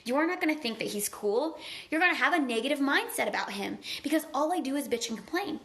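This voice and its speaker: Bright-voiced woman giving an earnest live pep talk. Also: high voice, lively intonation, fast talker. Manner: earnest, gushing and conversational, heavy on "like". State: tearful at times. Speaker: motivational speaker. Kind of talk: live-streamed motivational talk.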